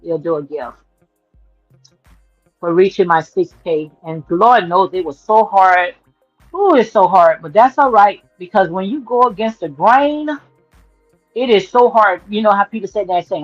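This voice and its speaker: A woman's voice: mid-range voice, animated, unhurried, dry recording. A sassy woman hosts a casual livestream straight into her phone. She is emphatic and says things over and over for effect. The sound is dry and a bit dull, with faint music underneath. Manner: sassy and emphatic, repeats phrases, says "honey". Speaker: livestream commentary host.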